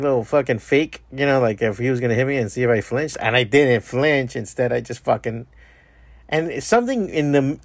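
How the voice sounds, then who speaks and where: A man's voice: mid-range voice, no echo. A man hosting a podcast, telling a rambling, profane story in a casual monologue. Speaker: podcast host.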